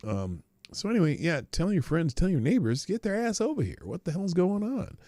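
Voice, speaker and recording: This livestream host, a middle-aged guy from Omaha, Nebraska, talks in a loose, rambling way and cusses now and then. His mellow voice swings widely in pitch and moves fairly quickly. The recording is dry and studio quality.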